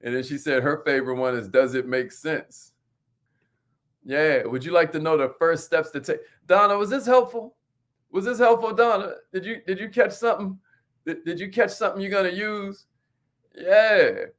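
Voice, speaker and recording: A man with a fairly high voice hosts a live coaching stream with energy. He repeats phrases and calls on viewers by name, speaking. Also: moderate pace, fairly bright tone. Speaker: host of an entrepreneur live stream.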